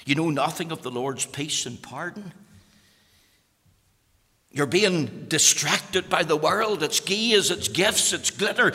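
A Northern Irish man preaches with fervent urgency, often dropping to a hushed intensity. His fairly high voice is bright and carries a gravelly fry. The sound rings with a long reverb. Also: takes it slowly. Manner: impassioned, swings from loud urgency to hushed intensity. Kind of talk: sermon.

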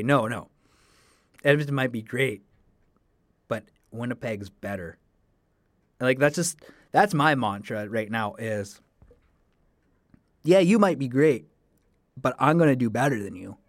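A young man, hosting a casual solo podcast. He talks in a middle-pitched, eager, rambling way. The recording is dry and close, with no room echo. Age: young adult. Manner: enthusiastic, rambling. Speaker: solo podcast host, broadcasting student.

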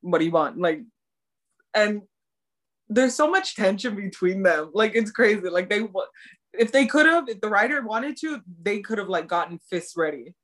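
A young woman retelling a drama episode scene by scene in casual chat, animated and full of "like". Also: medium pitch, moderate pace. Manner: animated storytelling, many "like"s. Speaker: co-host recapping a drama.

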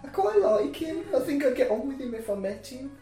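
A man with a lively, swooping voice gives sarcastic, opinionated takes on a film. He is a little off mic in an echoey room, with faint music behind him. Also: very high voice, brisk, distant mic. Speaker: podcast co-host. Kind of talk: casual chat.

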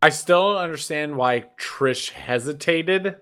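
Bright, slightly higher-pitched joking man. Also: a little slow, smooth. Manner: joking corrections, reads his own notes aloud. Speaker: podcast co-host. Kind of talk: casual chat.

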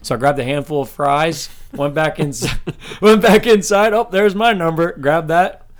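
Young man, early 20s, slightly high voice, podcast co-host, animated, laughing storyteller. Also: a little slow. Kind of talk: casual chat.

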